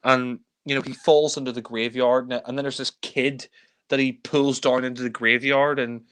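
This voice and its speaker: A man reviewing films in a casual chat, exasperated and swearing freely, sometimes mimicking characters with shouts. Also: mid-range voice, little pitch movement, normal speed, slight background noise. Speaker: film reviewer. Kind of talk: casual film discussion.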